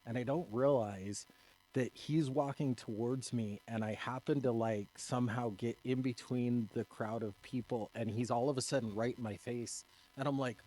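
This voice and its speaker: A man co-hosting a casual podcast, relaxed and a bit hesitant, telling a personal story. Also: medium pitch, fairly quick, poor audio. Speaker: podcast co-host, martial arts instructor.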